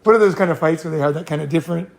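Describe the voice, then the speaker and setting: A man's voice: fairly high pitch, racing, gravelly. A man hosting a casual talk, telling rambling stories with frequent laughs and swearing. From California. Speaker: host. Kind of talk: casual storytelling and advice.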